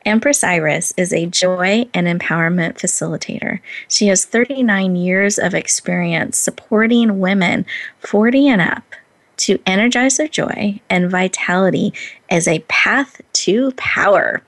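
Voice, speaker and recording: A woman hosts an interview show with gushing enthusiasm, often breaking into laughter. Her voice sits at an ordinary middle pitch. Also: measured pace. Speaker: podcast host. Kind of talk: interview hosting.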